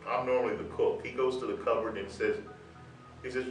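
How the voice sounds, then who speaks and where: A man's voice: mid-range voice, flat delivery, a little fast. A man preaches a testimony, telling his story with quoted dialogue before building to bold scripture declarations. He is heard from a distance in a roomy church with music playing faintly underneath. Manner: storytelling, swelling to loud proclamation. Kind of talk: sermon testimony. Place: church sanctuary. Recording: roomy sound from far off with music.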